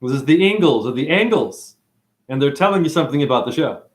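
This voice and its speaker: A man hosting an online show, rambling through playful wordplay in a sing-song way, with sudden high whoops and drawling asides. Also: animated, fast talker. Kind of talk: rambling livestream monologue.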